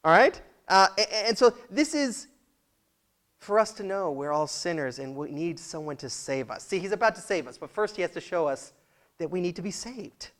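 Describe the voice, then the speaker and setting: A pastor giving a sermon in church, chatty and conversational, laughing often and asking the congregation questions. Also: male voice, sits high, expressive, normal speed, fairly bright tone.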